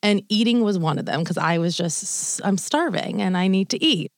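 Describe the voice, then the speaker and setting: A young woman co-hosts a casual podcast and tells a long story in a chatty, animated way. She acts out what people said, swears and laughs along the way. Her voice is close and dry, in the middle of the female range. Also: medium pitch, moderate pace, dry recording. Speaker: podcast co-host. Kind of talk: casual chat, long anecdote.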